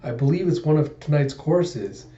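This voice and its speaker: A man's voice: fairly high pitch, animated, normal speed, warm tone, echoey room, highs cut off, close to an everyday voice. A man voicing a polished, composed male spy in a manga reading. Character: polished male spy, cool then panicking.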